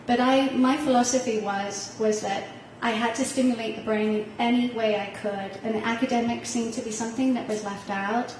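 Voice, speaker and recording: A woman's voice: fairly high pitch, fairly even intonation, normal speed, hardly any pauses, a little mellow, a little hiss or hum. Woman telling a story in an echoey hall. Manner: heartfelt, laughs while telling a story. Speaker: parent on a panel. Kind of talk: personal story at a panel talk. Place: hall at a panel discussion. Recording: echoey room heard from far off.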